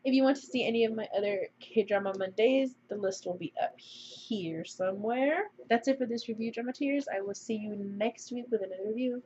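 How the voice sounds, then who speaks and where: A woman's voice: on the high side, brisk, few pauses, a little mellow, slight background noise. A young woman casually reviewing a drama on her channel, gushing and emotional as she chats. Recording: slightly dull lo-fi recording.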